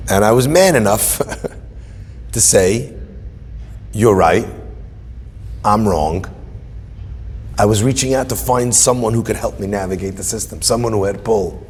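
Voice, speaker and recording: A man's voice: on the low side, normal speed, long reverb tail, a little hiss or hum. A man, a rabbi, telling a personal story in sermon style and acting out the dialogue. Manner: animated, acts out dialogue in quotes.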